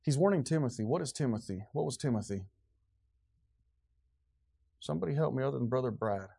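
A man's voice: medium pitch, animated, a little fast, vocal fry, dark tone, breathy edge. A man preaching a sermon in a church, fervent and sarcastic and quizzing his congregation. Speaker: pastor.

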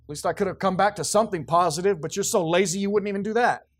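A male pastor preaching a sermon, switching between quiet asides and loud, emphatic passages. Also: sits high, fast, no echo.

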